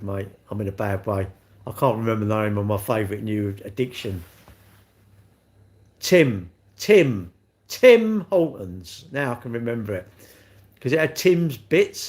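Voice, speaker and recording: A man's voice: on the low side, brisk. A man, hosting a casual livestream, rambling and joking at himself as he answers viewers' comments and laughs often. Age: 60s. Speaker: livestream host.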